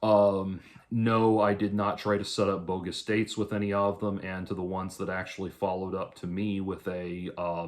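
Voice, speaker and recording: A man, a musician, talking through a casual, rambling monologue to camera, halting often and adding dry sarcastic asides. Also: deep voice. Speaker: musician vlogger.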